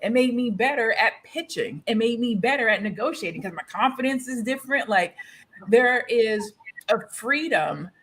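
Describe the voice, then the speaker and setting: A woman's voice: a little high, expressive, moderate pace, a bit bright, slightly rough. A woman on a panel who speaks emphatically and thoughtfully. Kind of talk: panel discussion.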